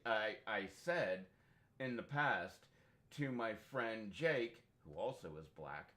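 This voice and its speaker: A young man streams a game, speaking slowly in a mid-range voice. He rambles through stories in casual chat, animated, swearing freely and laughing often.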